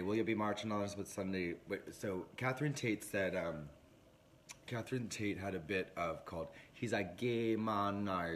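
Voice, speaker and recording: A man hosting a casual livestream, rambling and profane, telling a story in an animated way into a phone. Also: lowish voice, slight background noise. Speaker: livestream host.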